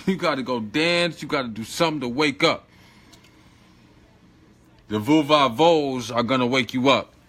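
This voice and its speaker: A man's voice: mid-range voice, a bit bright. A man giving an informal spiritual lesson, slangy and emphatic, repeating phrases and coaching the listener directly. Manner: talks straight to the listener, coaching tone. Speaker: spiritual teacher.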